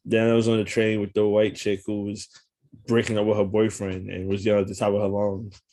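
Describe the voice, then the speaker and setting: A man chats in a slangy, laid-back way. His voice sits on the low side, and he tells stories with frequent laughs. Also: monotone, brisk, dark tone. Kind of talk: casual chat.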